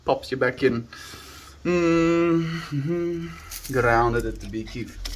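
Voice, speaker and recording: A man's voice: medium pitch, very slow, a little hiss or hum. Laid-back South African man streaming. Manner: laid-back, musing, thanks viewers by name. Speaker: livestreamer. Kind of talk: casual livestream chat with viewers. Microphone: handheld phone.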